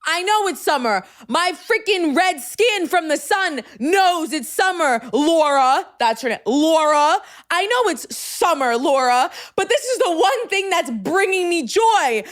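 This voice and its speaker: A young woman hosting a podcast, telling a story in casual chat, swinging from hushed asides to loud, exasperated outbursts and using "like" constantly. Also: very high voice. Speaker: podcast host.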